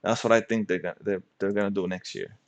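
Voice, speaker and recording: A man's voice: lowish voice, steady tone, fast talker. A man hosting a casual podcast, thinking aloud and talking over a remote call. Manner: chatty, thinks aloud with restarts. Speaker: podcast host.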